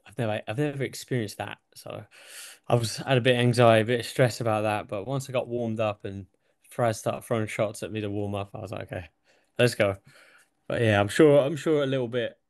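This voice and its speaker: Young English man, low voice, relaxed sweary chat, dead dry recording. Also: brisk, vocal fry, dry recording. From England. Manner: relaxed, swears freely, laughs between thoughts. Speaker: UFC fighter guest. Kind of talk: casual interview chat.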